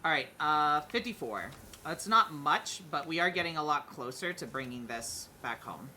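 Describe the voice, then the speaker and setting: Very bright-voiced streamer, halting speech. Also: mid-range voice, lively intonation, slight background noise. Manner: hesitant, many fillers and restarts; hums tunes while playing. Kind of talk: casual gaming stream chat.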